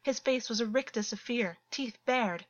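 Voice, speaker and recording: Woman storyteller, steady earnest reading, dull lo-fi sound, dry close mic. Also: fairly high pitch, normal speed, no echo. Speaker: audiobook narrator. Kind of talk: story narration.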